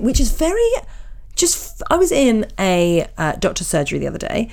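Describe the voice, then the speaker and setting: A woman's voice: mid-range voice, wildly swooping pitch, moderate pace, creaky, a little mellow. A woman co-hosting a podcast in casual chat, playful and giggly, often correcting herself mid-sentence. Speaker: podcast co-host.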